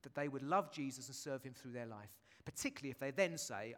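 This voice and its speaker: A man's voice: mid-range voice, fast talker, hardly any pauses, fairly bright tone. A man preaching a sermon in a church, chatty and jokey, with asides to the congregation. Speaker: pastor. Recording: long church reverb.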